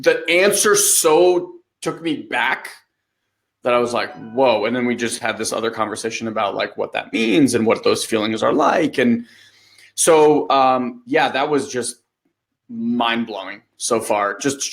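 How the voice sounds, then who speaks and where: A man in his thirties co-hosting a podcast, telling a story in a loose, animated way and acting out the lines he quotes. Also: mid-range voice. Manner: animated storytelling, acts out quotes, swears casually. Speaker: podcast co-host. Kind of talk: casual conversation.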